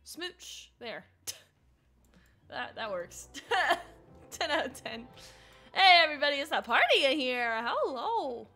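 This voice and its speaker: A high, bright woman's voice that swoops up and down as she chatters over her gameplay. She giggles often and talks back to the characters on screen. Soft music plays behind her. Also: sing-song, slow pace, pauses often. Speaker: streamer. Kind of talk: casual gameplay commentary.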